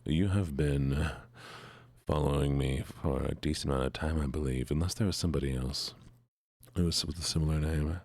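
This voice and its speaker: A man streaming a video game in a soft-spoken, playful way, chatting to his viewers as he plays. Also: extremely low pitch, steady tone, normal speed, vocal fry, dry recording, studio quality.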